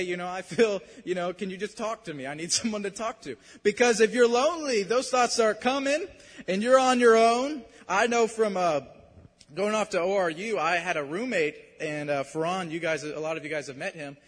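A young man delivers an earnest, conversational sermon in a noticeably high voice. He swings from quiet, personal asides to loud, pressing emphasis. His voice rings with the long reverb of a church hall. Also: husky. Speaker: preacher.

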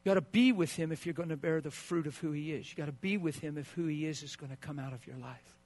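A man pastor preaching a sermon, swinging between hushed asides and loud bursts and acting out the quoted voices of spouses. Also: fairly high pitch, fast talker.

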